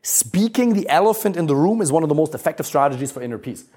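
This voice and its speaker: A man's voice: fairly high pitch, fast talker, breathy edge. A man coaching a live group on relationships, talking bluntly, swearing freely and stressing his points with energy. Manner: blunt, swears freely, lively emphatic delivery.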